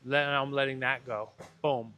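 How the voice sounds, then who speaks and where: A man's voice: medium pitch, steady tone, measured pace, sharp tone, soft background music. A man, a podcast guest, telling an earnest and emotional personal story and acting out the dialogue in it. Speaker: podcast guest, breathwork facilitator.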